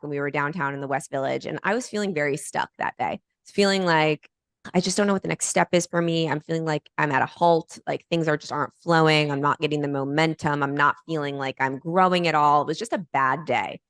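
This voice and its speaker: A woman guest on a podcast telling a personal story in a lively, animated way. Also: deep voice, brisk, hardly any pauses, smooth, dry recording, clean studio sound. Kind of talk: storytelling in conversation.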